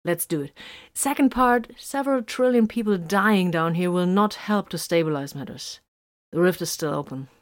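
A woman's voice: fairly low pitch, moderate pace, close to an everyday voice. A woman voicing a proud young male soldier who speaks firmly and matter-of-factly, in a storybook reading. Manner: firm, matter-of-fact.

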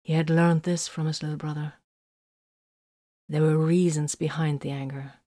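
A woman narrating an audiobook in a steady, even storytelling manner. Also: low-pitched, normal speed.

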